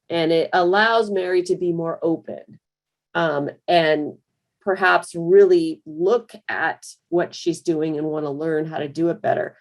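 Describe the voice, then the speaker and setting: A woman giving a conversational screen-share software tutorial for managers, full of fillers and restarts. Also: on the low side. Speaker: software trainer.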